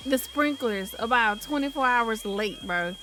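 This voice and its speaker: A woman's voice: a little high, expressive, measured pace, noisy background. Chatty woman narrating her game. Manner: chatty and playful, talks to the viewers and the characters. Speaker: gameplay commentator. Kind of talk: casual life-sim gameplay commentary.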